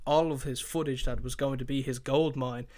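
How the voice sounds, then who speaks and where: A man's voice: medium pitch, steady tone, normal speed, a little mellow, no echo. Man, podcast host, casual rambling chat, cursing, fillers. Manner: rambling, swears freely, many fillers.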